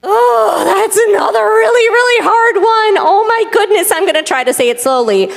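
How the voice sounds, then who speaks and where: A woman's voice: high-pitched, lively intonation, normal speed, fairly bright tone. A woman voicing a tiny, anxious female bird who fusses and exclaims breathlessly, recorded in a synagogue sanctuary. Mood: flustered. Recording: long hall reverb.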